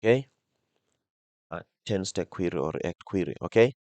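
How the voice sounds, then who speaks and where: A man's voice: low voice, lively intonation, moderate pace, darkish tone, no echo. A man recording a coding tutorial, explaining step by step while thinking aloud, restarting words and checking in with "okay?" after nearly every point. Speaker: coding instructor.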